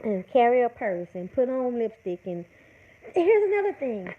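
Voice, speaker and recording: A woman's voice: fairly high pitch, big pitch swings, moderate pace. A woman hosting a livestream, scolding her chat in an emphatic, repetitive rant. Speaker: livestream host. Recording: tinny phone-like audio.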